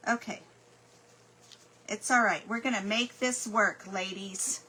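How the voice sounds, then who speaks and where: Woman crafter on a livestream, unhurried, bright tone, apologetic and a bit frazzled. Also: mid-range voice, husky, rough recording. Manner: chatty, apologetic, flustered. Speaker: crafter hosting a live stream. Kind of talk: casual craft livestream chat.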